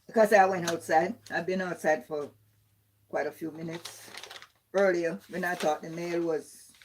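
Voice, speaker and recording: An older woman with a lowish voice gives plain, matter-of-fact answers from across the room. She is faint and off-mic, under a noisy hiss. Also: steady tone, normal speed.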